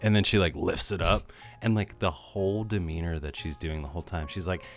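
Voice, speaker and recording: A man co-hosting a casual movie podcast, talking excitably with lots of swearing and laughter. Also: deep voice, brisk, soft background music. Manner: excitable, profane, laughs often. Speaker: podcast co-host. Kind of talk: casual movie-discussion chat.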